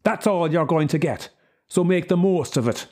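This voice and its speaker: A man's voice: fairly high pitch, lively intonation, moderate pace, dark tone, voice pushed up, natural voice. A man voicing an angry, truculent working-class father who snaps and snarls, his voice raised above his usual reading. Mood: shouting angrily.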